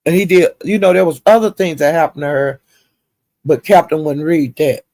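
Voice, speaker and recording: A man hosting a livestream spills gossip in a drawling, profane, animated way. His slightly high voice has a gravelly fry, and the sound is close and dry. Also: moderate pace, no echo. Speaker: livestream host. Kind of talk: casual gossip commentary.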